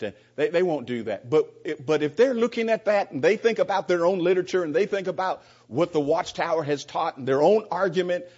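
A man with a slightly raised, husky voice teaches scripture to a congregation. He talks in a loose, conversational way, repeating words as he goes. The recording is muffled and lo-fi. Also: a little high, animated, a little fast, few pauses, a little mellow. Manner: conversational, repeats words, acts out both sides of an exchange. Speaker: preacher. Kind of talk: sermon-style Bible teaching.

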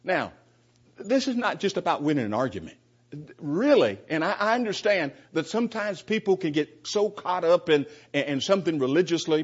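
Husky man teaching scripture. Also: fairly high pitch, muffled recording. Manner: conversational, repeats words, acts out both sides of an exchange. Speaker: preacher. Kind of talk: sermon-style Bible teaching.

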